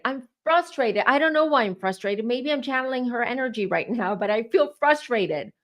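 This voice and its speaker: A fairly high-voiced woman talks through a tarot reading for her viewers. She is animated and emphatic, often repeating phrases as she presses her point in a casual vlog style. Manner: animated, exclaiming, repeats herself. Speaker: tarot reader.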